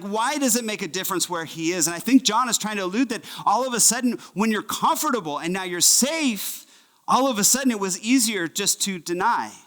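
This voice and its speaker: A man preaching a sermon as pastor, telling a Bible story in an animated way and acting out the voices of its figures. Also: sits high. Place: church.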